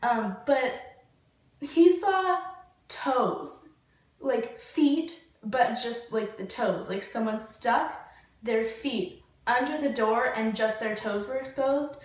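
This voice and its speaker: A woman's voice: a little high, lively intonation, slow. A young woman telling a story casually, rambling, full of "like" and swearing. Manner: rambling, heavy use of "like" and swearing. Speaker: vlogger. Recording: very echoey room, distant mic.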